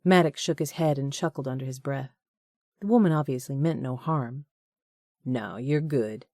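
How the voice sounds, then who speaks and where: Low, warm-voiced woman narrating a romance. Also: brisk, no echo, studio quality. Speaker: audiobook narrator. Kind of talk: scripted narration.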